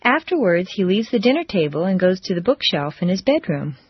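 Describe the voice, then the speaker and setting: A woman teaching English pronunciation, reading drill phrases slowly and deliberately with careful stress. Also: mid-range voice, sing-song, breathy edge, dry recording, highs cut off.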